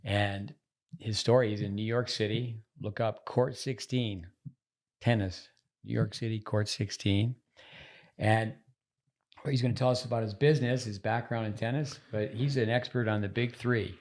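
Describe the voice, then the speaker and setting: Male podcast host, low voice, easygoing and rambling. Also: fairly even intonation, normal speed, darkish tone. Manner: chatty, loose and rambling. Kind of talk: casual podcast chat. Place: resort.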